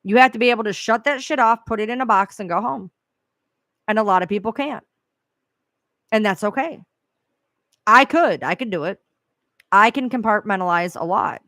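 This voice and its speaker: Blunt woman talking true crime, swears a lot, dry close sound, mid pitch. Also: a little fast, pauses often, a bit bright, dry recording. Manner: blunt, profane, emphatic. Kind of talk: casual live chat.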